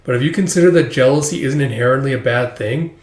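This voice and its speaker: A man voicing a calm older teacher who gives steady advice. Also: medium pitch, fast talker, lightly acted. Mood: advising. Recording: echoey room.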